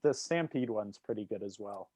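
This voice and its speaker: A young man on a casual podcast, chiming in with short, lively reactions. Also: on the low side, normal speed. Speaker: podcast co-host. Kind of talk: casual chat.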